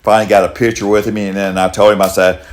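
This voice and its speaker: Rambling older Kentucky man, low voice. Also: flat delivery, fast talker. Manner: rambling, repeats himself, folksy. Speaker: podcast host. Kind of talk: casual storytelling chat.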